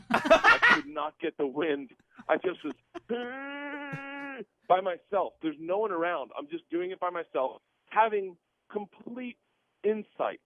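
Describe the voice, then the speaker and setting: A man in his forties telling a story in a radio interview, calling in by phone and laughing as he talks. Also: sits high. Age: 40s. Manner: animated, laughs through his own story. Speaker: guest comedian. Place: on a plane, then an airplane lavatory. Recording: tinny dry phone line.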